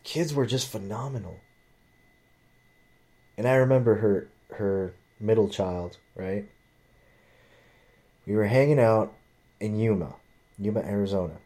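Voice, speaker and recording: A man's voice: fairly low pitch, a little slow, pauses often. A man casually telling a long personal story, rambling and swearing freely, acting out what others said. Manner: rambling, profane, animated quoting of others.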